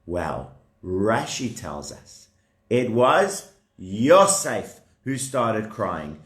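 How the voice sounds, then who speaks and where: A man in his thirties telling a puppet story to children at home, animated and asking the kids questions as he goes. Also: fairly low pitch, extremely slow, reverberant.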